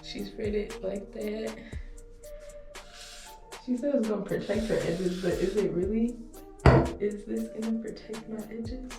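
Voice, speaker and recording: A woman's voice: mid-range voice, measured pace, vocal fry, pauses often, distant mic. A young woman vlogging casually at home, chatty and nervous, swearing and laughing to herself as she works. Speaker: beauty vlogger. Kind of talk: casual vlog talk to camera. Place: indoor room at home. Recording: echoey room, off-mic, music behind.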